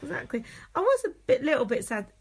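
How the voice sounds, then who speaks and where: A woman co-hosting a podcast in casual chat, blunt and sweary and quick to laugh, talking while ill. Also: sits high, sing-song, breathy edge. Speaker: podcast co-host.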